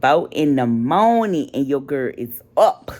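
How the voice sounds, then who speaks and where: Tired woman vlogger, unusually deep voice, frank and venting, phrases trailing off. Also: very animated, a little slow, a little mellow. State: tired and sleepless. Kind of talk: casual late-night vlog talk.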